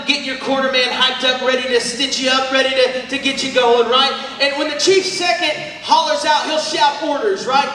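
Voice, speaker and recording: A man with a high, bright voice preaches with energy, shouting out and calling on the crowd to answer back. He sounds distant from the mic, his words ringing through a big echoing hall with a faint hum of the room behind him. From Oklahoma, USA. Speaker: youth camp preacher. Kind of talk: sermon. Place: large church hall. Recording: echoey hall from far off.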